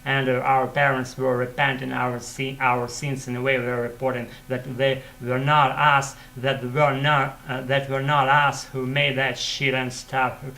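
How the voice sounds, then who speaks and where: A man with a Russian accent, a non-native English speaker, haltingly tells a childhood story with many restarts and fillers. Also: mid-range voice, gravelly. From former Soviet Union. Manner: halting, many restarts and fillers, grows louder when excited. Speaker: English learner telling a story. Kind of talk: casual spoken storytelling.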